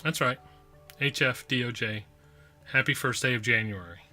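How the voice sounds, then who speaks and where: A man's voice: mid-range voice, moderate pace, sharp tone, faint music behind. A man hosting his own podcast, talking casually and playfully with lots of repetition and asides. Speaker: podcast host. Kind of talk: casual solo review.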